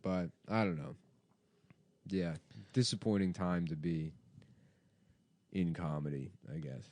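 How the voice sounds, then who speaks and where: A man's voice: low-pitched, unhurried, darkish tone, no echo. A man hosting a comedy podcast in casual, rambling chat, swearing freely and leaning on fillers. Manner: rambling, profane, filler-heavy.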